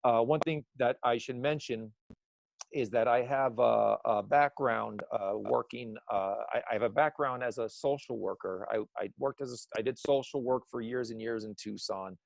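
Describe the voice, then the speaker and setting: Male interview guest, mid-pitched, gravelly, rambling storyteller who keeps correcting himself. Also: moderate pace. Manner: rambling, frequent restarts and self-corrections.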